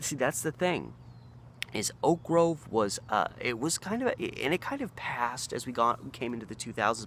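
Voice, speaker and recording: A man's voice: mid-range voice, fairly bright tone, a little hiss or hum. A man in his thirties from Oregon, telling a story in a casual, rambling way with frequent restarts and acted-out quotes. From Oregon, USA. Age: 30s. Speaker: local history storyteller.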